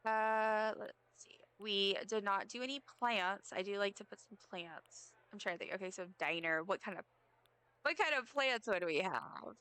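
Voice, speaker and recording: Her voice mid-range, pushed and bright, clear and resonant, a young woman rambles at a moderate pace during a casual game stream, full of self-mocking asides, recorded dry.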